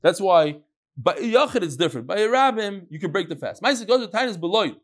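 Animated man teaching Gemara, fairly high voice. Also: a little fast. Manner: animated storytelling with Hebrew and Yiddish terms. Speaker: Talmud teacher. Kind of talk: informal Gemara class.

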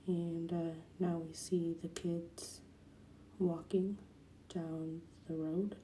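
A soft-spoken woman retelling a cartoon episode, at times dropping into a whisper. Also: lowish voice, level tone, extremely slow, echoey room, a little hiss or hum, poor audio. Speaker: narrator.

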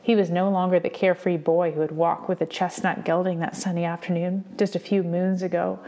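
A woman reading a novel aloud for students in a steady, measured storytelling manner. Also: fairly low pitch. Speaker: reader.

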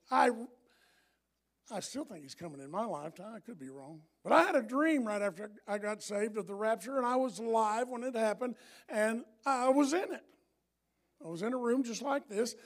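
Middle-aged pastor preaching, high voice, keeps repeating lines, goes quiet then loud. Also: male voice, gravelly. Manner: emphatic, repetitive, swings from hushed to loud. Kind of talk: sermon.

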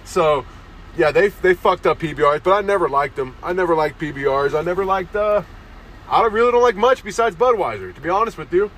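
A young man rants through a comedy podcast monologue, swearing freely and tacking "dude" onto his lines. His voice sits a bit high for a man. It is recorded on a phone held close to his face outdoors, with faint street sounds behind him. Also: expressive, brisk, fairly bright tone, slight background noise. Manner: crude, swearing, says "dude" constantly. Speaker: podcast host. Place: outdoors in a town, near parked cars.

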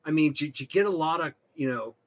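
A man hosting a casual interview, halting with fillers and restarts, swearing casually. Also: fairly high pitch, expressive. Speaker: podcast host.

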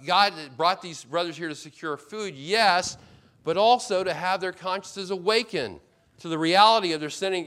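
A man's voice: fairly high pitch, sharp tone. A man preaching an expository sermon as pastor, earnest and emphatic, repeating key points and often restarting mid-phrase.

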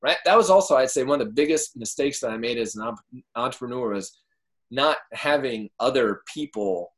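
Excitable man, casual swearing. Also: a little fast. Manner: excitable, swears freely, animated with big pitch jumps. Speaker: podcast guest, entrepreneur. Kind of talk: casual interview chat.

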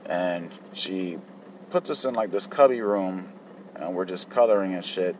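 A man's voice: sits low, moderate pace, a little hiss or hum. A man telling his childhood story in a casual, profane, reflective way. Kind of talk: personal life story.

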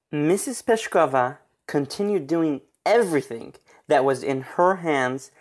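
A man narrating a religious history story in an earnest, steady retelling. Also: a little high.

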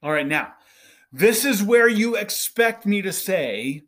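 A man's voice: sits high, expressive, takes it slowly, a bit bright. A middle-aged man hosting a podcast, speaking earnestly to fundraisers in a preachy monologue that keeps checking in with "right?". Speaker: podcast host.

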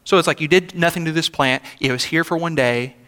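Speaking from a church sanctuary, this young senior pastor delivers his sermon conversationally and with emphasis, adding rhetorical asides along the way. His voice sits on the high side, brisk, pushed and bright, and the sanctuary's long hall reverb fills the recording.

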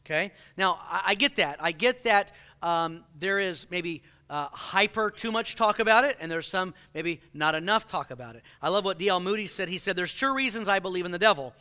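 A man preaching in a bright, clear voice that sits high for a male speaker. He talks in an animated, joking way. He acts out the people he quotes. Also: brisk, few pauses. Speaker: pastor. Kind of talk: sermon.

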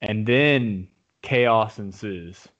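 Excitable man retelling a football game. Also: fairly low pitch, very slow. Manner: excited storytelling, rambling with restarts. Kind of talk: casual sports chat. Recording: dull lo-fi audio.

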